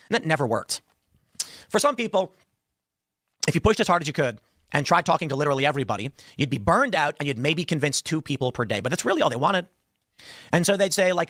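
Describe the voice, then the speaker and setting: A young adult man telling an animated story, acting out the dialogue with shifting voices. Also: fairly high pitch, fast, dry recording, clean studio sound. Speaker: podcast host telling a story.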